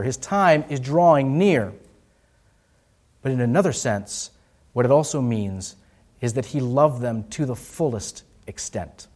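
Male pastor, fairly high voice, sermon delivery with rising emphasis and soft low drops.

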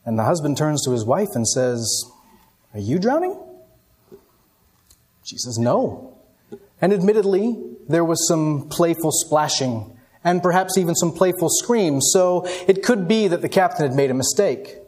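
A man giving an evening sermon, telling a story dramatically and moving between hushed and raised passages. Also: on the high side, expressive, moderate pace. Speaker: pastor.

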